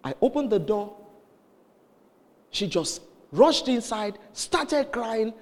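Male preacher, high lively voice, storytelling sermon in a reverberant hall. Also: takes it slowly. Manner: animated storytelling, acts out voices in quotes.

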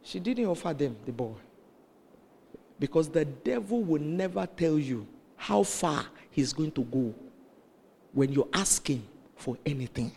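A man's voice: a little high, a little slow, creaky, pauses often, breathy edge, in a large hall. A man preaching a sermon, telling a story and acting out the voices of the people in it. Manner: animated storytelling, acts out voices in quotes.

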